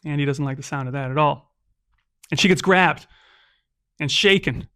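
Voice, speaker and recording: A man running a solo tabletop game, narrating and rolling dice in a casual, chatty way. His voice sits fairly high for a man. The recording is dry and close, with no room sound. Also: moderate pace, fairly bright tone, clear, resonant tone, no room sound. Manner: casual, with frequent "right?" and "um". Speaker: game master.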